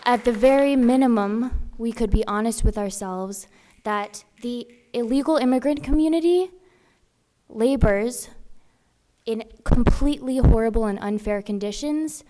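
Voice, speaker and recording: A woman's voice: on the high side, measured pace, dark tone. A young woman in her twenties, a student, making an earnest and pointed public comment at a city council meeting.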